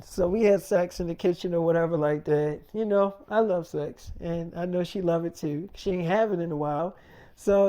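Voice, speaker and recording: A man's voice: high voice, warm tone, clean tone. Rambling, swearing man telling a story. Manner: rambling, swearing, casual slang. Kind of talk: freestyle storytelling monologue.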